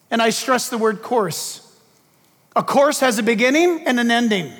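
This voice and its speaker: High-voiced fervent male preacher in a hall. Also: expressive, measured pace, a bit bright. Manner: emphatic, fervent, rhetorical questions. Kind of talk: political sermon.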